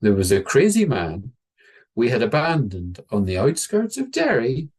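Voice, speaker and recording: A man telling a story in a wry, conversational way, slowing down for dramatic moments. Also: medium pitch, huge pitch swings, darkish tone, husky. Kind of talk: oral storytelling.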